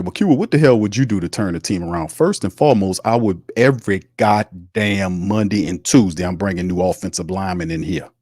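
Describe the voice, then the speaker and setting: A man with a deep, low voice delivers fiery sports opinions, preachy and blunt, firing rhetorical questions at his audience. He swears freely as he builds his case. The sound is dry and close, with no room echo. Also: a little mellow. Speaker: sports podcast host.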